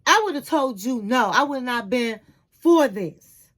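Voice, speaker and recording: A woman's voice: on the high side, lively intonation, takes it slowly. A woman voicing a fed-up husband who lectures his wife in an exasperated way while she recaps a TV episode.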